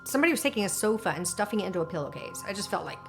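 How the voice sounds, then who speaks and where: A woman in a documentary interview, telling a personal story in an animated, emotional way with lots of fillers. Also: medium pitch, racing, soft background music. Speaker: interviewee recounting alien contact.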